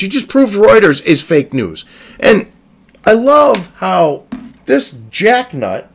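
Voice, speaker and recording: A man with a high, gravelly voice delivers heated online commentary from his desk. His pitch leaps up and down, and he curses constantly in an exasperated rant. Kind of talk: ranting commentary. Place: at a computer desk.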